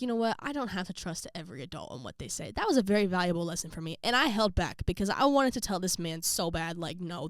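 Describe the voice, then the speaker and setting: A young woman vlogging, casually telling a story to her viewers and acting out quotes with jumps in pitch. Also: no room sound, clean studio sound.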